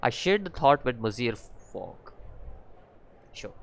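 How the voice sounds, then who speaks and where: A man playing a story game, mixing casual commentary with halting read-aloud of the game's text, often stumbling and restarting. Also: medium pitch, big pitch swings, creaky, a little hiss or hum, low-quality recording. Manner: halting reading with frequent fillers and restarts. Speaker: gaming channel host.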